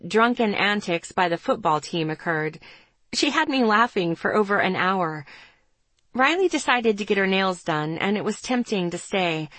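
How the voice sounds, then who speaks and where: Woman narrator, mid-range voice, first-person audiobook, steady and even, dry recording. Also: medium pitch, dry recording.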